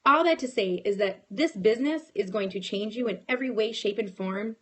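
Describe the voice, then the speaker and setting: Animated woman giving a pep talk. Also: medium pitch, a little fast, husky. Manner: animated, storytelling, frequent restarts. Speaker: network marketing team leader. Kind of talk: motivational casual talk.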